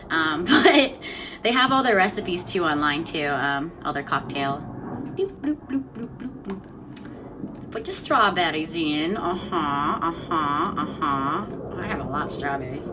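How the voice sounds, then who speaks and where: Mixing a cocktail at home for her news and cocktail vlog, a young woman speaks in a low, unhurried voice with lively intonation. She's chatty and giggly, frequently drifting off into fillers, and there's background noise.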